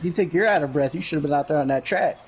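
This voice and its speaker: A man interviewed as the winning driver of a sim race, excited and casual. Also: a little high, fast, over a noisy crowd.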